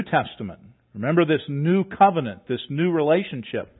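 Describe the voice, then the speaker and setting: A man's voice: a little high, big pitch swings, moderate pace, husky. Earnest man preaching over a tinny line. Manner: earnest preaching with repetitions and rising emphasis. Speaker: pastor. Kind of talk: sermon. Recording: tinny phone-like sound.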